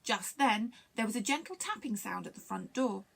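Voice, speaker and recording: A woman reading a children's storybook aloud for a library story time, expressive and animated. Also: fairly high pitch, normal speed, gravelly, breathy edge.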